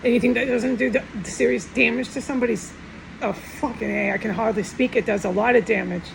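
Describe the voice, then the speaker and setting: A woman's voice: on the high side, fairly even intonation, fairly quick, vocal fry, noisy background. A middle-aged woman talking tearfully and in a rambling, upset way in a personal monologue, often trailing off and starting over.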